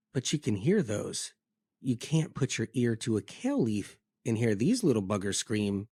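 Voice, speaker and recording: A man's voice: medium pitch, darkish tone, husky, no room sound, studio quality. A man delivering a scripted health monologue, telling it vividly with emphatic repetition. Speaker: health speaker.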